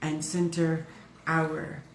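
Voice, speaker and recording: A woman hosting a wellness podcast, talking in an affectionate, soothing way as she leads listeners into a calming breathing exercise. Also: deep voice, drawn-out words, reverberant, a little hiss or hum, rough recording. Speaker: podcast host.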